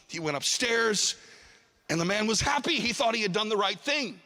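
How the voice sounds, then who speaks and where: A man preaching a sermon, telling a story with animated delivery and calling on his audience to respond. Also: sits high, fairly quick. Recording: long hall reverb.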